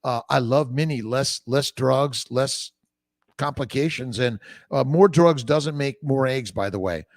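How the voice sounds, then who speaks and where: A man's voice: medium pitch, unhurried, no echo. A man, a fertility doctor, answering viewer questions on a casual livestream, blunt and profane as he jumps from topic to topic. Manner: reads out viewer comments and answers them.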